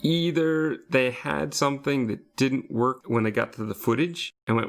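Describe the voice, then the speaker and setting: A man co-hosting a podcast, chatting casually about a film and weighing up his opinions in a measured, thoughtful way. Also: mid-range voice, fairly even intonation, gravelly. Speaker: podcast co-host. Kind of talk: casual film review chat.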